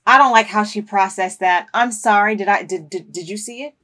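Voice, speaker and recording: A woman hosting an anime reaction video, talking back at the screen and bursting into loud, emotional outbursts with cursing. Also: mid-range voice, fairly quick. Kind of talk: reaction commentary.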